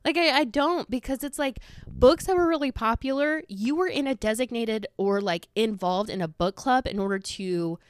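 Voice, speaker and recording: A woman's voice: fairly high pitch, moderate pace, clear, resonant tone, dry recording. A woman in her thirties ranting sarcastically in a casual solo podcast, swearing freely and mimicking people.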